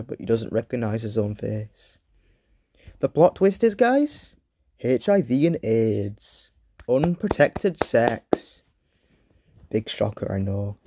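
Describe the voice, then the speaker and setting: Man reading a review script in a flat voice. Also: medium pitch, no echo. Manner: reads flatly from a script, often trails off and restarts. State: sore throat. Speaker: video reviewer.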